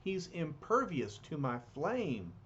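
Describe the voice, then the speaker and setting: An earnest young male hero from a comic, read aloud by a man. His pleading lines come in a raised, lively voice. The sound is dull and lo-fi. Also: on the high side, takes it slowly, a little hiss or hum, heavily acted.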